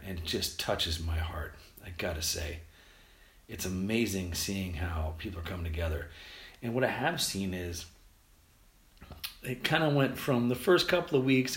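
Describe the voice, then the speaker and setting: An American man hosting a podcast, talking casually and quickly, rambling with restarts and fillers. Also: fairly low pitch. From United States. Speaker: podcast host. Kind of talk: casual solo podcast monologue. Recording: roomy echo.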